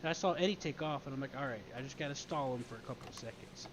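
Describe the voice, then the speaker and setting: A man chatting casually, recounting a game scene in an animated way, swearing often and acting out quoted lines. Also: mid-range voice, rapid-fire, noisy background. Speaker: streamer in role-play game.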